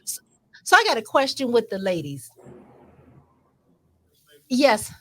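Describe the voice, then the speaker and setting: A woman co-hosting a casual group chat, telling a story in an unhurried, expressive way. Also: a little high. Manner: unhurried, expressive, laughing often. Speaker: co-host.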